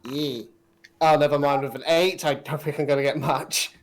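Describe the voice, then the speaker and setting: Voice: mid-range voice, fairly even intonation, moderate pace, slight background noise. A player in a live tabletop game, chatting casually about their character.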